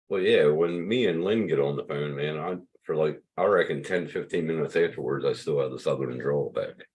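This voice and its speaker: Deep husky man in his fifties. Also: normal speed, a little mellow. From Pennsylvania, US. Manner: rambling, swears freely. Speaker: livestream host. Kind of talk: casual livestream chat.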